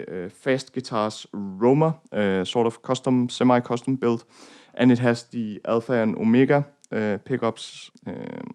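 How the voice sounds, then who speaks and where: This young Danish man has a smooth, somewhat dark voice at medium pitch and a Danish accent. He rambles casually through a guitar tone tutorial, tossing in plenty of fillers and jokes at his own expense as he walks through his gear.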